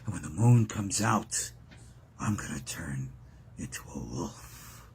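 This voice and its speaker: A man doing a hushed, brooding wolf-man. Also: lively intonation, takes it slowly, background noise. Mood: ominous. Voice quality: low, hushed, half-whispered. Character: brooding grown man dreading his wolf change.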